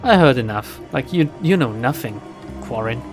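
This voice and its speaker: A chatty streamer talks through a role-playing game in a casual, self-deprecating way. The voice swings freely up and down in pitch, with faint game music playing behind. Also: lively intonation, normal speed. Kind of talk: casual let's-play commentary.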